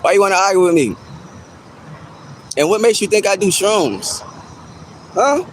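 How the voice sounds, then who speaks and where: A man with a fairly high voice talks casually to his livestream chat, teasing them and repeating his jabs. He is outdoors, with a faint noise behind him. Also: expressive, measured pace, poor audio.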